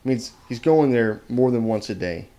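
A man's voice: medium pitch, animated, moderate pace, mellow. A man hosts a casual podcast chat with a mid-range voice. He rambles through his stories, full of ums and restarts, drifting from point to point. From Texas. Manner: rambling, filler-heavy storytelling. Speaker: podcast host.

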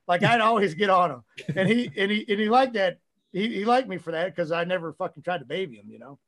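Man, high voice, profane, rambling, casual podcast guest. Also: quick pace. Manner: profane, rambling, animated storytelling.

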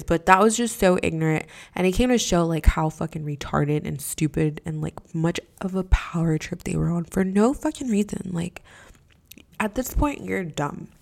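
Gravelly, low-pitched woman telling a story. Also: a little mellow. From Mexico. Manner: profane, exasperated, rambling with many fillers. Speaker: podcast host. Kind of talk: casual storytelling.

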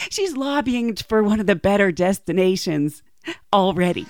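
A woman hosting a podcast, telling casual stories in an animated way and laughing often. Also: medium pitch, unhurried, dry recording, studio quality, faint music behind. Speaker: podcast host. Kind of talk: casual storytelling monologue.

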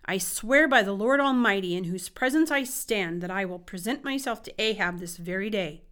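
A woman's voice: mid-range voice, animated, moderate pace, fairly bright tone, natural voice. A woman reading the lines of a bold, fervent male prophet in an earnest, declaiming way. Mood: declaring.

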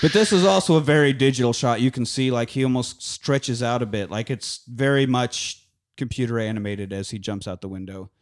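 A man's voice: medium pitch, a little fast. Guy swearing his way through a movie recap, laughing and doing the lines. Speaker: podcast co-host recapping a film. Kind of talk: casual profane chat.

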